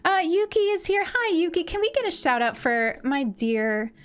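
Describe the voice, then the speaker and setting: A young woman streaming a cozy game, chatting gently and warmly greeting viewers, often saying things twice. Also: very high voice, big pitch swings, moderate pace. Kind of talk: cozy casual chat while gaming. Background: faint game music.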